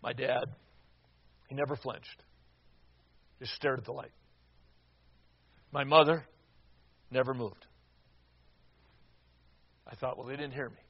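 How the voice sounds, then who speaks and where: A man in his sixties preaching a sermon, telling a personal story with dramatic swings from loud to hushed and some stammering restarts. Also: medium pitch, fairly even intonation, slow pace, long pauses, husky, highs cut off.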